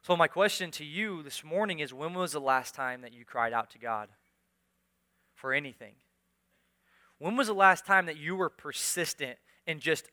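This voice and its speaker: A man's voice: a little high, expressive, moderate pace, sharp tone. A male pastor preaching a sermon in church, earnest and urging, often repeating phrases for emphasis. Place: church sanctuary.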